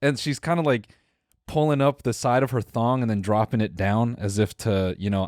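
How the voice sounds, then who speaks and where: A man's voice: medium pitch, moderate pace, dry recording, studio quality. A young man co-hosting a podcast, casually telling a story with plenty of swearing and acting out the people in it. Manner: animated storyteller, acts out quoted people, swears freely. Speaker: podcast co-host.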